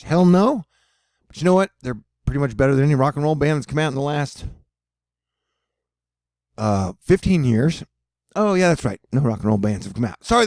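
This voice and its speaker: A man's voice: medium pitch, creaky, dark tone, no room sound, studio quality. A man hosting his own video, rambling casually over weather maps, swearing and joking and losing his thread. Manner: rambling, profane, jokey, loses his train of thought. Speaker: weather and space video host.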